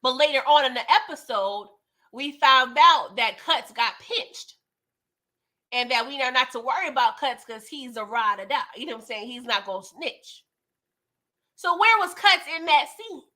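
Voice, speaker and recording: A young adult woman hosting a casual live stream, animated and often laughing as she chats with viewers. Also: sits high, normal speed. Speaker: livestream host reviewing a TV episode.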